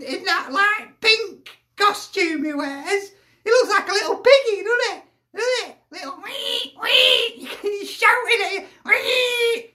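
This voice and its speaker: A man voicing a squeaky, foul-mouthed football fan who cackles and swears gleefully. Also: sharp tone, heavily acted. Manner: gleeful, sweary, cackling, full of tag questions. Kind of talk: comic character rant.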